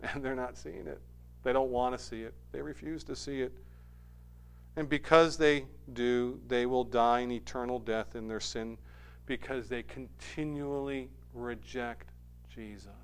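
A man preaching a sermon, swinging from quiet, low passages up to loud, emphatic stretches. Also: fairly even intonation, measured pace, gravelly, smooth. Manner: rising to emphatic, forceful stretches, then dropping low and quiet.

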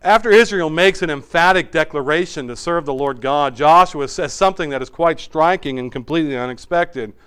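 Preaching man, smooth higher voice. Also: fairly quick, hardly any pauses. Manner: swings from emphatic raised preaching to hushed low asides. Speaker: pastor. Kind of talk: sermon.

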